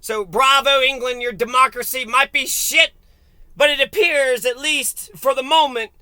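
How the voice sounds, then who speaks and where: A man's voice: very high-pitched, steady tone, normal speed, bright, forceful tone, smooth, no echo. A man giving a crude, profane and mocking solo political rant. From United States. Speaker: political commentator.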